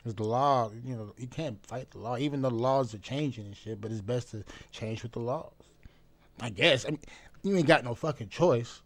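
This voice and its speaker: A man talking bluntly and profanely in a casual vlog monologue. He repeats phrases for emphasis and swings between loud outbursts and low mutters. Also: normal speed, dry recording. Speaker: vlogger.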